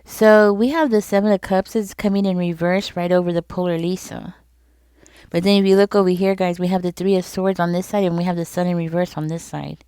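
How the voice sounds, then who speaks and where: Low, smooth-voiced woman reading tarot. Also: steady tone, fairly quick, mellow, no room sound. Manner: conversational, repeats herself, speaks directly to viewers. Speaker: tarot reader. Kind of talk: casual tarot reading to camera.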